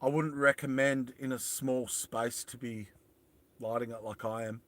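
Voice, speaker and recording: A man's voice: medium pitch, fairly even intonation, a little slow, a bit bright. An Australian man streaming live from inside his van, rambling casually and greeting viewers as they join. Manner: rambling, greets viewers and answers chat aloud. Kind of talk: casual livestream chat.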